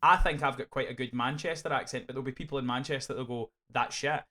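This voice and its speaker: A Scottish man co-hosting a podcast, reviewing a film in casual, animated chat full of swearing and restarts. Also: medium pitch, quick pace. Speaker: podcast co-host.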